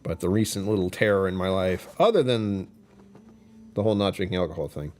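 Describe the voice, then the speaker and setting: A man's voice: sits low, animated, moderate pace, darkish tone. A man hosting a casual livestream, talking in a rambling, self-deprecating way and laughing often. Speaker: whiskey channel host.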